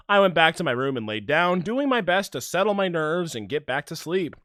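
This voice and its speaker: A man streaming a video game, commenting and reading along in an excitable, jokey way. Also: high voice, normal speed, hardly any pauses. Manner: excitable, jokey, trails into mumbles. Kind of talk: gameplay commentary and reading aloud.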